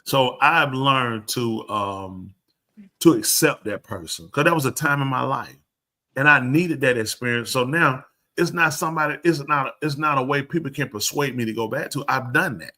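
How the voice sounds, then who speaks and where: Speaking at normal speed in a mid-range voice, an older man who preaches tells stories conversationally. He is animated and voices the dialogue loudly, acting it out.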